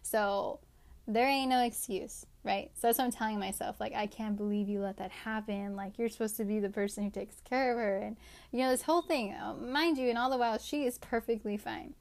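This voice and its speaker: A young woman, telling a personal story as a podcast host in a casual, faith-based way, with a steady stream of "like" and "right?". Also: on the high side, brisk. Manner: chatty, many fillers like "like" and "right?".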